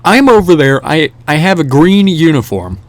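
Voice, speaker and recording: A man's voice: a little high, normal speed, no echo. Rambling young man telling a story. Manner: rambling, animated, many restarts and fillers. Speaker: vlogger. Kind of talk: casual storytelling over gameplay.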